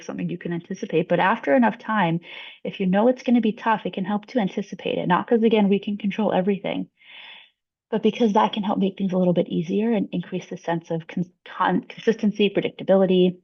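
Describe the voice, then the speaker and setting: Woman psychologist, gravelly, lo-fi audio. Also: mid-range voice, fast talker. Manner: clear, explanatory, gives examples in short acted quotes. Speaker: psychologist presenting a webinar. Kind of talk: webinar presentation. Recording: dull lo-fi webinar audio.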